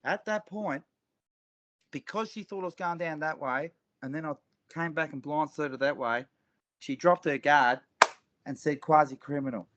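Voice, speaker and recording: Emphatic high-voiced man telling courtroom stories. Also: unhurried, long pauses, a bit bright, no room sound. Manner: emphatic, repeats phrases, acts out courtroom exchanges. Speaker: guest speaker. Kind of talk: animated storytelling talk. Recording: dull lo-fi recording.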